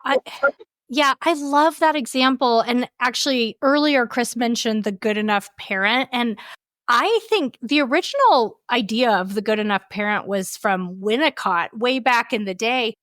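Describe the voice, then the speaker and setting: Woman co-host, bright higher voice, reflective and explanatory, dry recording. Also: moderate pace, no echo. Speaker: podcast co-host. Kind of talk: conversational podcast discussion.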